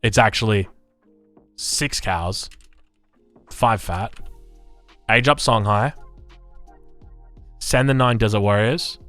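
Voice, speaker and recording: An Australian man streaming live, reading game patch notes and chatting with his chat in an animated, chuckling way. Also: on the low side, takes it slowly, pauses often, dry recording, faint music behind. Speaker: gaming streamer.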